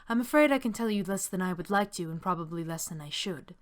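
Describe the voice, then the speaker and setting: A woman voicing a tired, careful female squad lieutenant in a text game, reading her lines in a measured, earnest way. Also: fairly low pitch, animated, lightly acted. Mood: grave.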